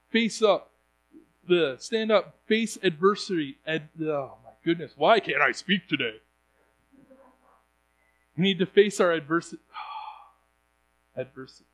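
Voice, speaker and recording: A man's voice: sits high, low-quality recording. A young man preaching a sermon in an earnest way, often restarting his sentences.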